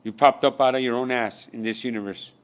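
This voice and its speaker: A man's voice: mid-range voice, steady tone, fairly quick, clear, resonant tone. A man delivering a rambling spiritual monologue, firing rhetorical questions and swearing often. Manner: profane, rhetorical, repeats questions. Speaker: spiritual speaker.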